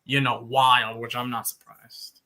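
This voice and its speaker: Man, sports talk co-host, very bright sharp tone, interjecting, casual. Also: medium pitch, level tone, unhurried. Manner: jumps in with short remarks, says baloney.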